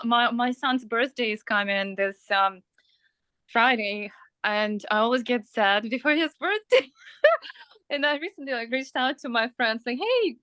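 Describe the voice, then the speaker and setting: A woman's voice: on the high side, fairly bright tone, no room sound. Woman, course co-host, reassuring, casual teaching, video call, dry close audio.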